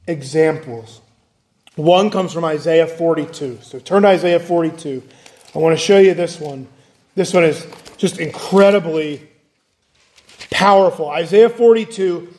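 A man's high voice carries a darkish tone as he delivers an earnest, emphatic sermon full of repetition and rhetorical questions, the sound echoing around a church hall.

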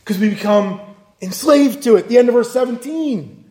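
High-voiced preacher in an echoey room. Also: male voice, normal speed, darkish tone. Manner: earnest, builds emphasis with repetition and rhetorical questions. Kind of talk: sermon.

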